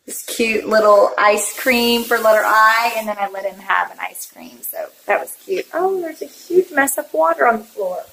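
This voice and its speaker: Young mom talking to the camera, kinda high voice, laughs a lot, baby-talks her kids. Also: normal speed, few pauses, fairly bright tone, breathy edge. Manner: chatty, laughs often, coos at her kids. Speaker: family vlogger, mother. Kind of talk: casual vlog chat.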